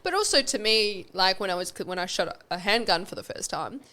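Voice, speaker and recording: A woman chatting as a guest, telling animated stories, acting out what people said and swearing casually. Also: mid-range voice, a little fast. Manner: animated storyteller, acts out quotes, swears casually. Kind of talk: casual interview chat.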